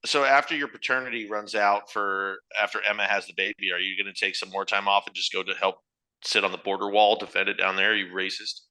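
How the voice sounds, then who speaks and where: A man co-hosting a podcast in loud, profane, ranting banter, sometimes mimicking other people. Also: on the low side, fairly even intonation, fairly quick. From Ireland. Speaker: podcast co-host.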